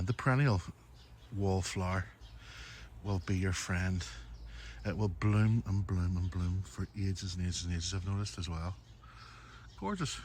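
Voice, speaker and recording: Northern Irish man, lowish voice, chatty garden vlogger on a phone outdoors, faint outdoor noise. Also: a little mellow. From Northern Ireland. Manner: chatty, keeps addressing viewers as folks. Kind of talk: casual walk-through garden tour. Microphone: phone camera held while walking.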